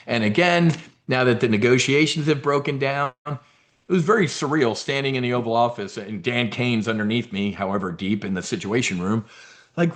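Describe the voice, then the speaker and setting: Male host, mid-range voice, rambling profane rant full of restarts. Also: mid-range voice. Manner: fast, rambling, blunt and profane, with frequent restarts. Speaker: host of a trading and market show. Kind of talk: casual live-stream rant.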